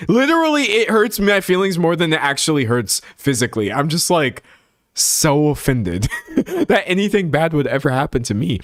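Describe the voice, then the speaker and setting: A young man streaming, chatting casually and reading out chat, often laughing and slipping into high voices. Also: dry recording, clean studio sound. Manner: animated, laughing, slangy, jumps into high voices.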